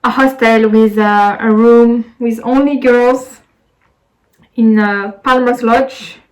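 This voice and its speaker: French girl in her 20s rambling to camera at home, lots of ums and restarts, a bit high. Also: fairly even intonation, takes it slowly, poor audio. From France. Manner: chatty, rambling, many fillers and restarts. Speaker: vlogger. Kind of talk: casual storytime vlog.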